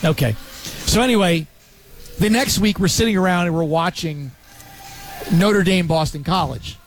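A man in his fifties from Pennsylvania, a sports radio host telling stories in casual talk with animated, quick asides. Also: high voice.

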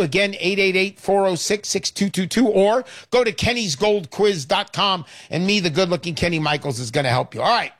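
A male radio show host giving an emphatic, repetitive, hard-selling pitch between calls. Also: fairly bright tone, dry recording, studio quality. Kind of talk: talk radio sales pitch.

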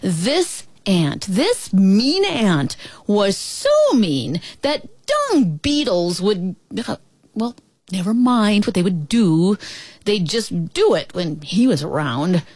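A woman tells an animal story aloud with lots of expression. She speaks slowly, her pitch rising and falling in a lively way. The sound is close and dry. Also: breathy edge, no room sound. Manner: expressive, addresses listeners as brothers and sisters.

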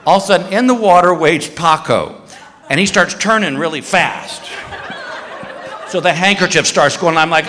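Male stand-up comic, high voice, very lively pitch, bright tone, live hall reverb, shouting punchlines. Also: moderate pace, pauses often, slight background noise. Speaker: stand-up comedian. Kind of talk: stand-up storytelling.

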